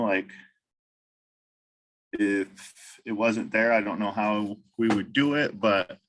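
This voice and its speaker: Slow, halting man. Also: on the low side, fairly bright tone, poor audio. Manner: halting, many fillers. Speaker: veteran, council member. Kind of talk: casual roundtable chat.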